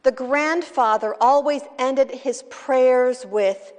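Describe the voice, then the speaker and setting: A woman's voice: on the high side, measured pace, fairly bright tone, big-room sound. A woman from California preaching a sermon in a conversational, wry teaching manner. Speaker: pastor.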